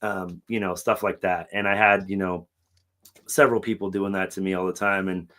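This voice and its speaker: A middle-aged man on a podcast, talking casually and emotionally, swearing often and acting out quotes loudly. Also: low-pitched, little pitch movement, normal speed. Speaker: podcast co-host.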